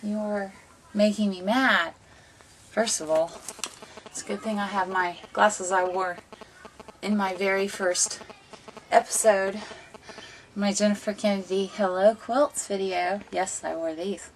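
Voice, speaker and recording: A woman's voice: medium pitch, fairly even intonation, a little slow, long pauses, a little hiss or hum. Chatty rambling woman vlogging at home. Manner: rambling, chatty, playfully bossy. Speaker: vlog host. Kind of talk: casual home vlog chat. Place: home room with ambient noise.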